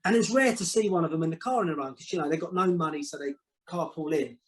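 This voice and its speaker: A man tells stories as a podcast guest in a fairly high voice. His delivery is casual and animated. He stumbles and repeats words, and he slips into the voices of other people as he goes. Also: fast talker, poor audio. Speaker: guest, former football manager. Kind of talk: casual storytelling.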